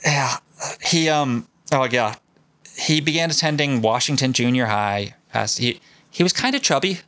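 A man hosting a podcast, telling a story in casual, profane and excited chat. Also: medium pitch, moderate pace, no room sound. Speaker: podcast host.

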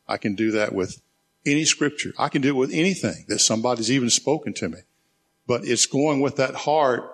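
A man with a fairly low voice leads a church small group. He teaches conversationally and reads scripture slowly and reflectively, then invites questions from the group. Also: slightly rough. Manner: slow, reflective reading of scripture aloud.

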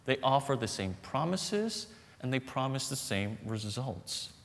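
A man preaching a sermon, telling stories with humor and dramatic pauses. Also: mid-range voice, big pitch swings, gravelly. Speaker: pastor. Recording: long reverb in a large hall.

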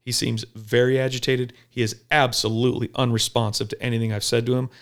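A police officer talking bluntly and profanely in a casual podcast chat, telling animated stories. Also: male voice, medium pitch, fast. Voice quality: gravelly.

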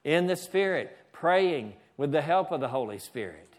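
A man's voice: fairly high pitch, big pitch swings, moderate pace. A man preaching a sermon in a church, often asking "Amen?" and stopping to direct the slides. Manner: preaching with frequent "Amen?" and asides to the slide operator. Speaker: pastor.

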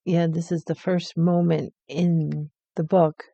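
Teasing female co-host, mellow tone, lo-fi dull recording. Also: on the low side, flat delivery, vocal fry, slightly rough, dry recording. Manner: playful, teasing, quick to laugh. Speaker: podcast co-host. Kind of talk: casual book discussion. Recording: dull, lo-fi sound.

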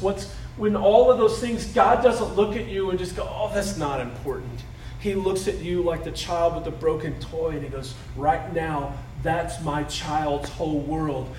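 High-voiced male preacher in an echoey hall. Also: distant mic, slight background noise. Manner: conversational preaching, swings from loud emphasis to soft, hushed asides. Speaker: pastor. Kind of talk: sermon.

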